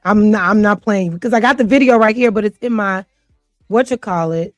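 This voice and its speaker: A woman's voice: medium pitch, fairly quick, dry recording, soft background music. A woman hosting a casual livestream, chatty and flustered, often laughing as she talks to her audience. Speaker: livestream host. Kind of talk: casual chat to a live audience.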